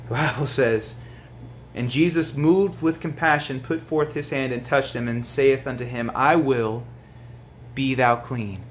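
A man preaching a sermon to other men, swinging from hushed, low lines to loud, pleading highs. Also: normal speed.

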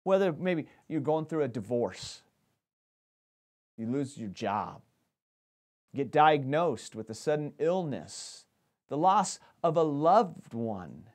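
A man's voice: on the high side, darkish tone. A man preaching a sermon as pastor, talking animatedly and often restarting his phrases.

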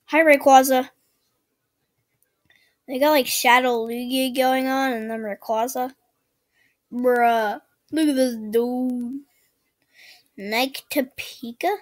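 High-voiced, giggly woman gaming. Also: takes it slowly, pauses often. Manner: giggly, excitable, chatty. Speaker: gamer. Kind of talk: let's-play commentary.

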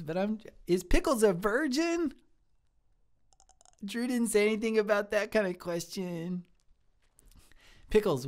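A man's voice: high-pitched, a little mellow, full character voice. A man voicing a giddy, childlike young woman who works in a kitchen, giggly and scattered as she answers live chat questions. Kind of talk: improvised live-stream character comedy.

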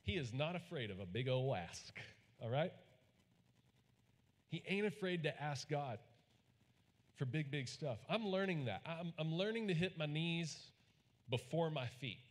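Pastor guy preaching, kinda high voice, chatty folksy stories, big echoey church. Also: animated, unhurried, pauses often. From Texas. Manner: folksy, storytelling, calls on the congregation to repeat after him. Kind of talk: sermon. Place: large church hall. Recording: long hall reverb.

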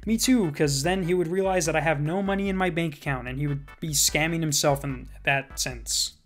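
A man's voice: on the high side, normal speed, a bit bright. A man reacting to viewer comments in casual commentary, speaking properly with careful enunciation and sarcastic rebuttals. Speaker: YouTube commentator reading comments.

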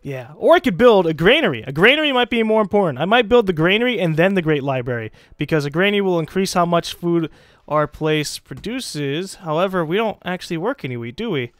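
A young man giving casual, excitable commentary while playing a strategy game, swearing and teasing the computer opponents. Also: high voice, a little fast, no echo, clean studio sound. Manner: excitable, swears, mocks game leaders in put-on voices. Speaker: let's play gamer.

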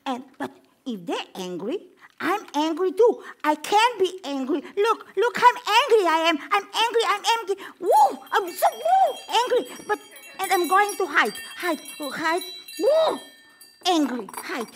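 A tiny, wide-eyed little girl in a children's puppet show, her voice squeaking up very high. She talks slowly and stretches her words, full of gasps and exclamations. She sounds earnest and childlike throughout. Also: very animated, a little hiss or hum, full character voice. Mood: mock angry. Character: excitable little girl Poppy hunting her lost ball. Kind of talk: live children's puppet theatre.

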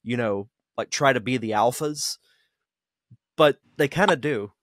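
A man hosting a podcast, interviewing his guest in a relaxed, casual way. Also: mid-range voice, measured pace, no room sound, clean studio sound. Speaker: podcast host.

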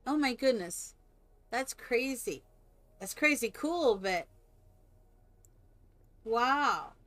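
A woman's voice: fairly high pitch, expressive, drawn-out words, a bit bright, no echo. An older woman streaming a game, chatting casually, thinking aloud and cooing at her family. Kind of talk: casual gameplay chat.

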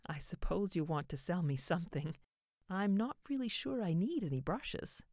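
A kindly older mother speaks softly and gently in a storybook voice, read by a woman. The sound is dry and close. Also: lowish voice, big pitch swings, normal speed, no room sound, voice pushed up. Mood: gentle.

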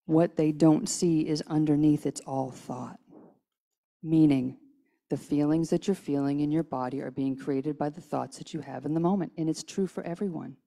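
Woman preacher, low-pitched and mellow, casual conversational sermon, tired. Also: steady tone, moderate pace, vocal fry. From United States. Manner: casual, chatty, with restarts and acted-out quotes. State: tired from little sleep. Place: church sanctuary.

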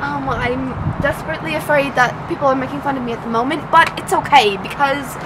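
A woman's voice: high-pitched, brisk. A young woman vlogger chatting casually outdoors, giggly and self-mocking, laughing often. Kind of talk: casual vlog chat. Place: outdoors by a train line and highway. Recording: loud outdoor noise of rain and traffic. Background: light rain, passing train and traffic.

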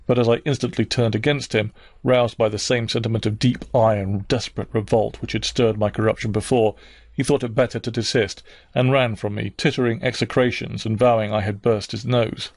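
Man doing a calm measured audiobook read, mid pitch, dry close sound. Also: no room sound. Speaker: audiobook narrator. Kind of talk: scripted narration.

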